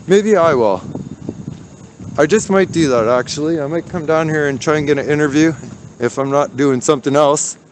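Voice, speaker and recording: A man's voice: on the high side, normal speed, a little hiss or hum. A man livestreaming as he walks outdoors downtown, ranting angrily and swearing. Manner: furious, profane ranting. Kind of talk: angry walking livestream.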